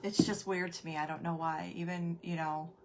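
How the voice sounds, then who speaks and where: A woman's voice: lowish voice, little pitch movement, normal speed, background noise. A middle-aged woman hosting a crafting livestream, chatting casually and rambling while greeting viewers by name. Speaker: crafting show host.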